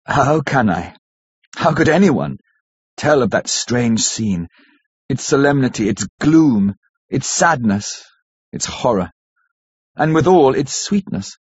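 A man narrating a classic novel as an audiobook, measured and dramatic. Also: medium pitch, expressive, breathy edge, dry recording. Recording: dull lo-fi audiobook recording.

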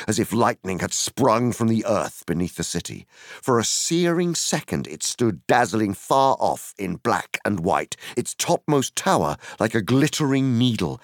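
A man reading an audiobook aloud in a slow, dramatic storytelling manner, with a gravelly voice. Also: fairly low pitch, dry recording, clean studio sound. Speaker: narrator. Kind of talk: audiobook narration.

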